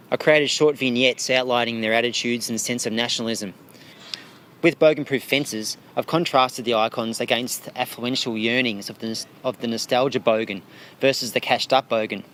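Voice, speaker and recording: An Australian man talking through interview answers about his art, his delivery dry and wry. His voice sits at an ordinary middle pitch, and a faint hiss of noise runs under the recording. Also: fairly bright tone. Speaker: interviewed artist.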